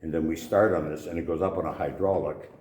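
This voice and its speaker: A very deep-voiced older man spins stories in a gruff, casual way, swearing freely. The sound is roomy, like a busy convention hall. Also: steady tone, fast, darkish tone. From Canada. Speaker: actor guest. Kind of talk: anecdotal interview storytelling. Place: convention venue indoors. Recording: echoey convention room.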